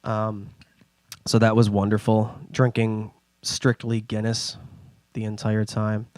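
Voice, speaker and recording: A man's voice: on the low side, slow, no echo, studio quality. A young man casually telling rambling travel stories on a podcast, acting out other people's voices as he goes. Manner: rambling, animated storytelling with put-on voices. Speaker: podcast host. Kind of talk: casual storytelling.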